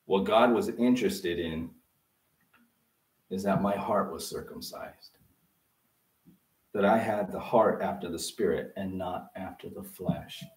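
A male pastor preaching a sermon, often pausing to let the congregation fill in a word. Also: low-pitched. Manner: interactive preaching, prompting the congregation to fill in words. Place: church. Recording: roomy sound from a distant mic.

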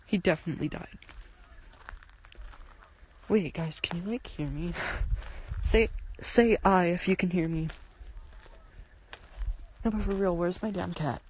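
A young woman streams live from her phone as she creeps around her house and yard after dark. She talks casually and jumpily, full of "like" and quick swears, and often sinks to a hushed whisper. Faint background noise and clicks sit under her voice. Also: fairly low pitch. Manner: jumpy, swearing, lots of "like" and "oh my god". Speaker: livestreamer.

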